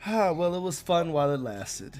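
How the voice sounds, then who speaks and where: A man's voice: on the high side, sing-song, normal speed, darkish tone, soft background music, voice pushed up. A man playing a sly lady gambler. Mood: coy. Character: sly female high-roller gambler on a win streak.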